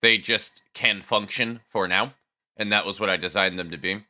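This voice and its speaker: A man's voice: lowish voice, moderate pace, pushed and bright. A man casually chatting on a live game dev stream, swearing freely and talking to his chat.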